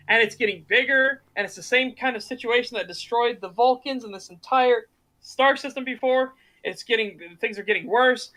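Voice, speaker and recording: A woman co-hosting a podcast, recapping TV episodes in animated casual chat, swearing freely. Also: fairly high pitch, fairly quick, low-quality recording. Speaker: podcast co-host.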